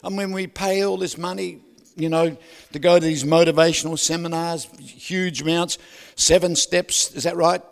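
A man preaching a sermon, loud and animated, who keeps asking the crowd for agreement and drops joking asides with laughs. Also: fairly high pitch, normal speed, vocal fry. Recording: long hall reverb.

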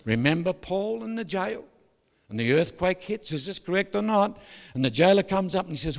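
A man preaching a sermon as a pastor, animated and joking, often asking the congregation to agree. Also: high voice, normal speed, vocal fry, long reverb tail. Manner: animated storytelling with jokes, asks the crowd "is that right?".

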